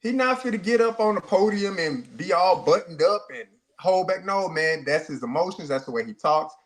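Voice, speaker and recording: A man co-hosts a sports talk show, making his points with emphasis. His voice sits a little high for a man. He often repeats himself and restarts his sentences. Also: animated, normal speed.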